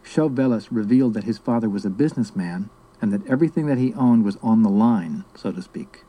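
Man from south america reading a memoir audiobook, really dark mellow voice, steady pace. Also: fairly low pitch, low-quality recording. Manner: steady, measured storytelling. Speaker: narrator.

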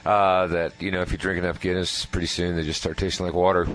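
A man with a very deep voice hosts a relaxed interview at a brisk clip. He fires off questions and slips in quick jokes. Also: slight background noise, rough recording. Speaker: interviewer host. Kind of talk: casual interview chat.

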